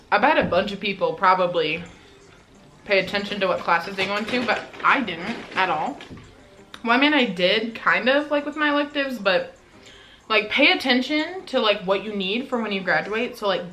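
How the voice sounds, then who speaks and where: Here the Colorado teen vlogger talks while she eats, casual and chatty, leaning on "like" again and again. Her medium-pitched voice sounds expressive, pushed and bright at a moderate pace. The rough recording carries a little hiss or hum.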